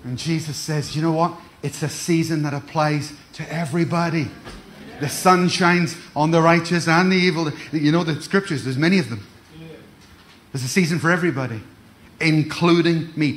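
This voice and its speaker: Here a middle-aged male pastor delivers a sermon, his pitch fairly high and his tone a bit bright. He works the crowd with call-and-response, repeats himself, and trips into restarted words, all over a slight hiss or hum.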